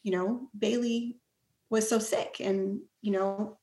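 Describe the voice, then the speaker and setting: A woman's voice: mid-range voice, fairly even intonation, takes it slowly, dark tone. Earnest woman guest, roomy echo. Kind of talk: casual storytelling.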